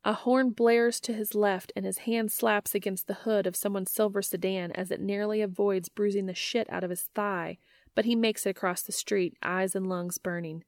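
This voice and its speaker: A woman narrating a story aloud in a measured, gentle manner. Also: mid-range voice, steady tone, dry recording. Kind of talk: reading fan fiction aloud.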